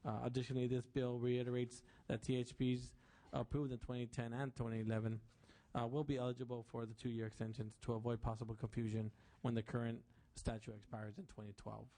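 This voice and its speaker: A man's voice: mid-range voice, a little fast. A man presenting a bill to a committee, reading prepared remarks in a formal way. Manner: flat, reads prepared remarks.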